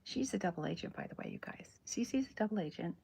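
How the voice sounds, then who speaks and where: A woman chatting in a soft-spoken, whispery way during an ASMR drawing livestream, rambling and correcting herself as she goes. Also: medium pitch, expressive, quick pace, gravelly, breathy edge. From American South. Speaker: cartoonist streaming live.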